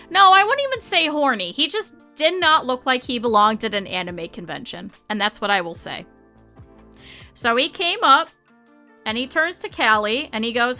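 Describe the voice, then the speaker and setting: A young woman with a high, bright voice tells a story to her stream in a loose, chatty way. She is animated and laughs often as she talks, and faint music plays under her voice. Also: moderate pace. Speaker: VTuber streamer. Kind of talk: casual storytelling to stream chat.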